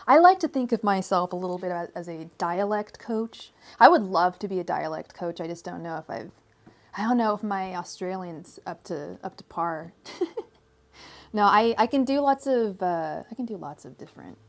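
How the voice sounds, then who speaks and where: A young woman from the United States reads tarot live for her viewers in a relaxed, chatty way. She laughs easily, talks straight to the people in her chat, and slips into a steady, repetitive chant when she calls on her spirit guides. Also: mid-range voice, normal speed. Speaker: tarot reader. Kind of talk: live-stream tarot reading.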